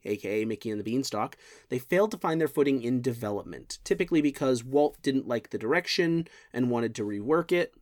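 Brief: lively, joking podcast co-host, mid pitch, dead-dry close mic. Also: dry recording. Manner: animated, jokey, pitch jumps up when excited. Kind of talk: casual chat about film history.

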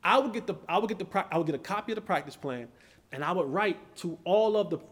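A man hosting a podcast, telling a story in a lively, casual way and acting out quoted lines in different voices. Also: high-pitched, fast. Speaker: podcast host and former player. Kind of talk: animated storytelling in casual chat.

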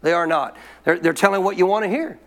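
A man's voice: high-pitched, quick pace, fairly bright tone. A man preaching a sermon in an emphatic way, repeating his points and calling for amens from the congregation.

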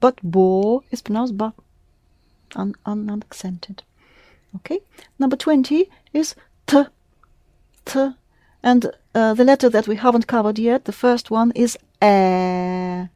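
A woman's voice: a little high, measured pace, warm tone, dry recording, clean studio sound. A woman teaching a language class, patiently prompting her students with questions. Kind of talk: classroom lesson.

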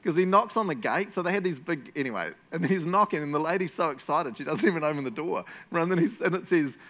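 A man preaching a casual sermon as pastor, chatty and animated, laughing often as he tells stories. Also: a little high, quick pace, gravelly, few pauses. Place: church.

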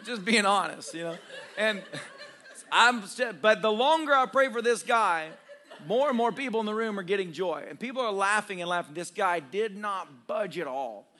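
A man's voice: sits high, lively intonation, moderate pace, pushed and bright. A man preaching a storytelling sermon as a pastor, humorous and self-deprecating, laughing often as he talks straight to his congregation. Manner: conversational, addresses congregation directly.

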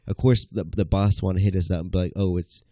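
Young man ranting with a mellow low voice. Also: fast talker, no room sound, studio quality. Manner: animated, profane, ranting storyteller. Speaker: podcast co-host. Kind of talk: casual storytelling chat.

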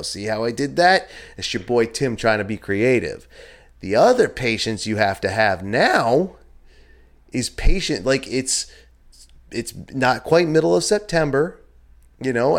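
A man hosting a podcast in a casual, rambling monologue, cursing now and then and jumping up in pitch when he gets worked up. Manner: chatty and rambling, swears freely, animated pitch jumps. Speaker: podcast host. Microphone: filmed talking to a camera with a monitor.

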